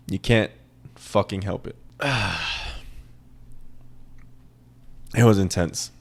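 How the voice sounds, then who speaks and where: Guy ranting on his podcast, swears a lot, keeps repeating himself, lowish voice. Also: a little mellow. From American South. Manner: profane, rambling, repeats lines for emphasis. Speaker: podcast host. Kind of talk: casual solo podcast rant.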